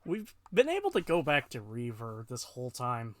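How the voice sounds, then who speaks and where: A man's voice: medium pitch, wildly swooping pitch, moderate pace, no room sound. A man streaming a video game, chatting casually and swearing now and then. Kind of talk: casual gaming chat.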